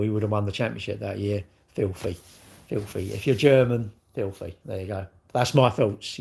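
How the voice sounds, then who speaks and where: A man's voice: lowish voice, darkish tone, breathy edge. A middle-aged man, chatting casually on a livestream in a rambling, blunt way with lots of slang. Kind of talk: casual livestream chat reading viewer comments.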